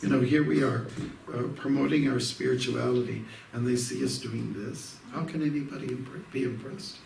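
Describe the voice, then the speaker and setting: A man's voice: mid-range voice, fairly even intonation, moderate pace, gravelly, a little mellow. A man, a monk from Canada, giving an informal devotional evening talk, rambling through stories with many fillers and restarts. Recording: roomy hall, distant mic, faint noise.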